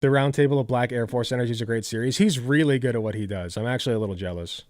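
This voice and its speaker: A tired male streamer chatting casually to his viewers, rambling and swearing freely. His mid-pitched voice sits close and dry on a desk mic. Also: racing, darkish tone, no room sound. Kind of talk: casual live-stream chat.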